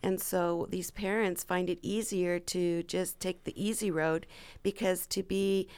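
Gravelly woman speaking in an interview. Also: fairly low pitch, steady tone, darkish tone. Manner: measured, hesitant with ums. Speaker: guest panelist. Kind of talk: interview chat.

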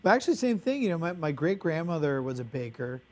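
Eager filler-heavy man, fairly high voice. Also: very animated, fast talker, a little mellow. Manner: eager, filler-heavy, lots of "like" and "you know". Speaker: baker, interview guest. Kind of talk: casual interview chat.

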